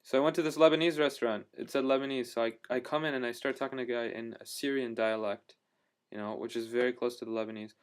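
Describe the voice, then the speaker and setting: Smooth-voiced man rambling in a video diary. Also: mid-range voice, fairly even intonation, fast. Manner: rambling, full of fillers and restarts; enthusiastic storyteller. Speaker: travel vlogger.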